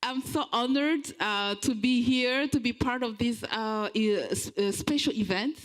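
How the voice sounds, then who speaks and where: A woman from Belgium giving a speech at a community event, earnest and halting, with frequent pauses as she searches for words. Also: on the high side, low-quality recording. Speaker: guest speaker.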